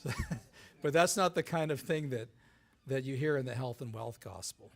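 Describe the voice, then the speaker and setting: A man giving a live talk as a guest author to an audience, lively, with many restarts, often asking "right?". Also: mid-range voice, moderate pace, gravelly.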